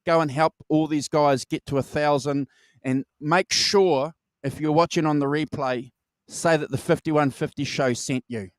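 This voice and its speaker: A man's voice: on the high side, fairly even intonation, unhurried, no echo. Eager New Zealand man, dry sound. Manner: enthusiastic, stumbling restarts. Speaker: show host. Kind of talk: casual live-stream chat.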